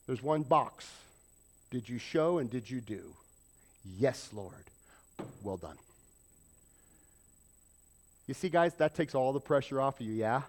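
Animated preaching man, lively pitch. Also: takes it slowly, pauses often. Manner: animated preaching, acting out quoted prayers, joking with congregation. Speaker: pastor. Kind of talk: sermon.

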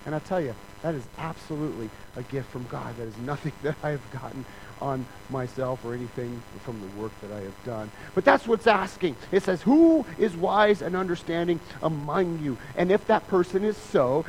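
A man preaching in a church with a slightly raised pitch, his tone conversational and joking. He slips into other people's voices to act out little scenes. A faint hum runs behind him. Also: lively intonation, normal speed, darkish tone, poor audio. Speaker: pastor. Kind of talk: sermon.

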